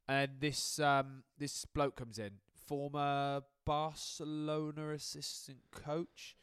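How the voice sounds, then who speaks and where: A man's voice: on the high side, little pitch movement, takes it slowly, hardly any pauses, a bit bright, smooth, no echo, clean studio sound. A man co-hosting a podcast, chatting about football in a casual, sweary, joking way. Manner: swearing, laughing banter. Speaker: podcast co-host.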